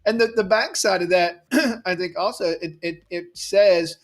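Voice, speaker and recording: Practical man with a slightly higher voice. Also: a little slow. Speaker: co-host of salon business show. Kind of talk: casual advice chat.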